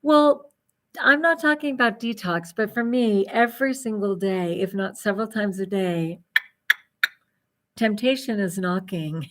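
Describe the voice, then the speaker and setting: A woman's voice: mid-range voice, a little slow, fairly bright tone. A middle-aged woman vlogger chatting casually on a livestream, rambling and laughing often.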